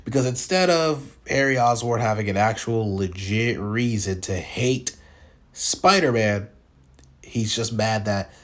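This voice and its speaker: A man casually reviewing films, talking in a rambling, opinionated way and often restarting his sentences. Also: lowish voice. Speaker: film reviewer. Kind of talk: casual spoken film commentary.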